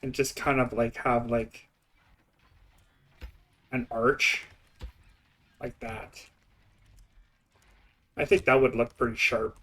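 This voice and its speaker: A man's voice: medium pitch, fairly even intonation, slow pace, long pauses, a bit bright. Eastern canadian guy streaming, young, chatty, rambles on and laughs a lot. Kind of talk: casual gameplay commentary.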